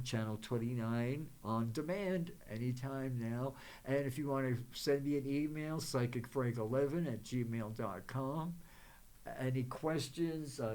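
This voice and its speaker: A man hosting his own psychic show, rambling through spiritual advice full of fillers and restarts, with gentle affirmations and blessings for viewers. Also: medium pitch.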